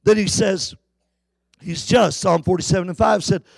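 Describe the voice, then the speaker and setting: A middle-aged male pastor preaching a sermon, talking then swelling into shouted, chanted climaxes. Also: sits high, fairly even intonation, normal speed, creaky, no room sound.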